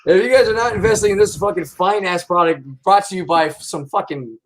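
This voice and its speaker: Male livestream host, slightly high voice, excitable, rambling, heavy profanity. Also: a little fast, a little hiss or hum. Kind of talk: casual livestream chat.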